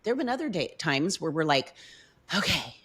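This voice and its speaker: A woman's voice: low-pitched, big pitch swings, moderate pace, a bit bright, husky. A middle-aged woman as a podcast guest, telling a personal story in casual chat with heartfelt emotion.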